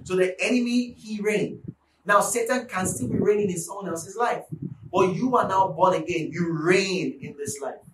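High-pitched preacher, booming in an echoey room. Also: male voice, moderate pace. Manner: emphatic, repeats lines for force, swells to shouts. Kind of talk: sermon. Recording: echoey room, mic at a distance, faint background noise.

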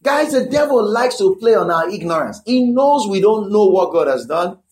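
High-voiced emphatic male preacher. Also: expressive, normal speed, darkish tone. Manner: emphatic, repeating phrases for effect; conversational asides to the listeners. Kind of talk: sermon.

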